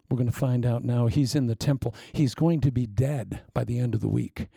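A man preaching a sermon with wry, self-mocking humor, swinging from loud emphasis down to hushed asides. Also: mid-range voice, brisk, creaky, few pauses, slightly rough, no echo, studio quality. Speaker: pastor.

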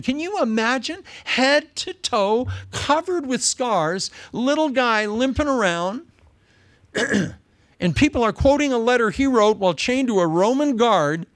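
A man's voice: high voice, moderate pace, dry recording. A man preaching a sermon in a humorous, conversational way, often repeating himself for emphasis. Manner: animated, humorous, conversational, with repetitions. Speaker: pastor.

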